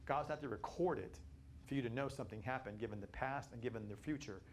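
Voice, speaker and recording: A man's voice: mid-range voice, fast talker. Guy teaching a bible study, gets worked up and repeats himself, bit of hiss behind him. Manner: animated, repetitive, rising to emphatic peaks.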